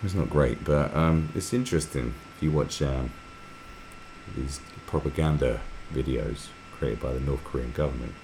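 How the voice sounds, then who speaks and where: A man's voice: rumbling low, normal speed, creaky, darkish tone, a little hiss or hum. A man hosting a live stream, talking in a rambling, sweary way and often slipping into mocking impressions. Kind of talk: casual rambling commentary.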